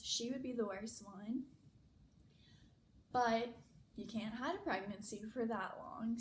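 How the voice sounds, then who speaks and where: A young woman telling a personal story in a chatty, casual way, full of "like" fillers. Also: fairly high pitch. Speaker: vlogger. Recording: echoey room, faint noise.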